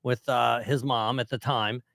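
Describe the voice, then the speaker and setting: A man's voice: mid-range voice, fairly even intonation, a little slow, creaky, fairly bright tone, no echo, clean studio sound. A middle-aged father co-hosting a comedy podcast, chatting casually and laughing often, and getting heated as he retells a story. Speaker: podcast co-host.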